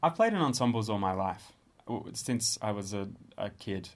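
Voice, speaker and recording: Speaking from a studio space, this Australian-accented musician and composer in his thirties reflects on his work in a relaxed interview. Thoughtful and hesitant, he pauses often and restarts sentences, his voice sitting a bit low.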